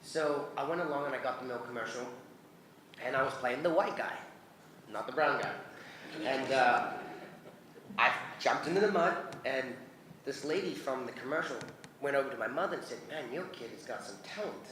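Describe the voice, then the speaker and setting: A man in his forties with a New Zealand accent, telling lively stories at a convention Q&A, acting out the voices of the people in his anecdotes and laughing often. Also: mid-range voice, moderate pace, long pauses, background noise. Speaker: convention guest. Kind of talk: animated storytelling Q&A. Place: convention hall. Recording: roomy convention hall.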